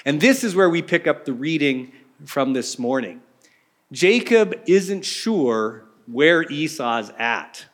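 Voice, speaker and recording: A man's voice: fairly high pitch, lively intonation, takes it slowly. A man preaching a casual sermon as a pastor, telling the story in a chatty way with joking asides.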